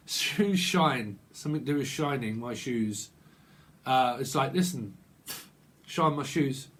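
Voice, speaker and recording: A man's voice: mid-range voice, lively intonation, slow pace, long pauses, fairly bright tone. A man giving a casual, improvised tarot reading. He rambles playfully, chuckling and riffing on wordplay. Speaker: tarot reader.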